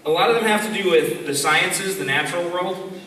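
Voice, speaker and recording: A man in his late twenties, a youth leader giving a humorous talk, telling stories animatedly and jumping high when acting out voices. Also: brisk, sharp tone. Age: late 20s. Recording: echoey hall, mic far off, background noise.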